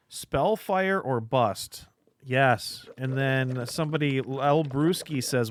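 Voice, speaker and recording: A man's voice: mid-range voice, moderate pace. A man hosting a casual live stream from a comic shop, opening cards and rambling with jokes and filler sounds.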